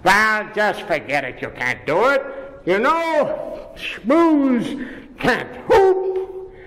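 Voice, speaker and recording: Taunting storybook moose, voiced by a man, gruff and scoffing, drawn-out jeers. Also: high-pitched, big pitch swings, fairly bright tone, long reverb tail, exaggerated voice. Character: gruff bossy male moose, dismissive bully.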